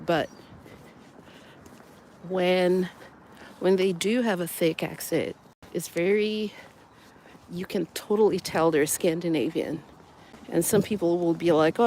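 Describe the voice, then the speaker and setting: A middle-aged vlogger chatting reflectively while walking outdoors, recorded on a phone. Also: medium pitch. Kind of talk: casual walking vlog. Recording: noisy outdoor recording with passing vehicles.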